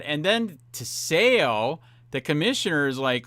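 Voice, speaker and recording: A man's voice: on the high side, lively intonation, measured pace, pushed and bright, clean tone, no echo. A man hosting a cop watch vlog, ranting in a profane, rambling way full of fillers as he grows heated. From Florida. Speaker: cop watch channel host.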